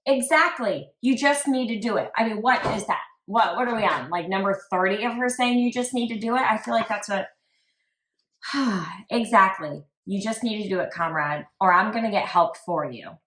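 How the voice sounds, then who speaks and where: A woman's voice: medium pitch, fairly quick, few pauses. A woman podcast host chatting casually and reading text messages aloud with lots of "like" asides. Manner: reads quotes flatly with frequent "like" asides. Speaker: true crime podcast host. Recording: roomy echo.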